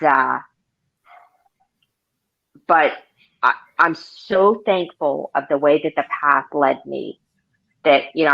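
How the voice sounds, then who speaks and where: A woman's voice: deep voice, gravelly, lo-fi sound. A woman in her forties, a car sales consultant, chatting in an interview and telling stories with many fillers and restarts. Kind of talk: casual interview.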